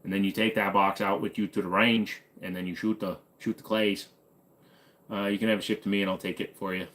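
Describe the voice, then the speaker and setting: A young American man hosts a live stream with a fairly low voice. He reads viewer comments aloud and answers in a relaxed, joking drawl, often padding his replies with "uh." It sounds like loose, unscripted chat. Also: a little fast. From United States. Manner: laid-back, joking, drawling with frequent "uh" fillers. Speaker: host.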